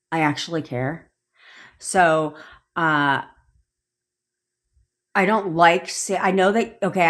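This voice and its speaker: A woman's voice: lowish voice, fairly bright tone. A woman coaching viewers in a livestream rant, blunt and profane, hammering her points with repetition and frequent "okay?" checks. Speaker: manifestation coach.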